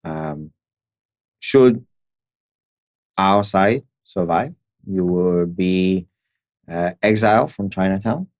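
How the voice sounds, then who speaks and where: A game master voicing a menacing male secret-society envoy with a put-on Chinese accent, delivering slow, measured, veiled threats. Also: deep voice, a little mellow, no echo, clean studio sound, voice pushed down.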